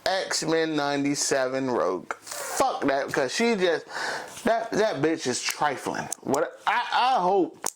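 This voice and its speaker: A man's voice: fairly high pitch, sing-song, slow pace, slight background noise. A man hosting a podcast, ranting heatedly and profanely in a reaction talk. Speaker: podcast host.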